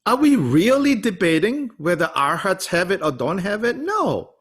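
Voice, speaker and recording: A man's voice: moderate pace, breathy edge. A man teaching a study class, answering a student with rhetorical questions and small laughs. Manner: animated, wide-ranging pitch, rhetorical questions, small laughs.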